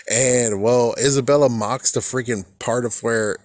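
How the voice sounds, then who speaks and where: A man's voice: mid-range voice, a little slow, hardly any pauses, no room sound, clean studio sound. A man giving a casual, rambling recap of a TV episode, swearing freely and laughing at his own jokes. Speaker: fan reviewer.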